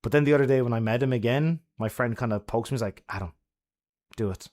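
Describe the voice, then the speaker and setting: A man's voice: medium pitch, fast, a little mellow. A man giving friendly advice to his chat on a casual live stream, laughing often and swearing freely.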